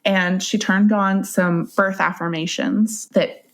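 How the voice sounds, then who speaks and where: A woman's voice: mid-range voice, fairly even intonation, takes it slowly. A young adult woman telling her own story as a podcast guest, in a casual, conversational way and often laughing as she goes. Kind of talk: personal storytelling.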